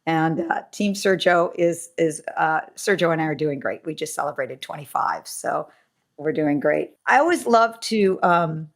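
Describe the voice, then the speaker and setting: A middle-aged woman hosting a podcast interview, effusive and gushing with praise. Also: deep voice. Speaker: podcast host.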